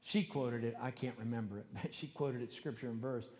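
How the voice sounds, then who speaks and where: A man preaching a sermon to a congregation, earnest and conversational, sometimes rushing through animated asides. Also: medium pitch. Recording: long hall reverb.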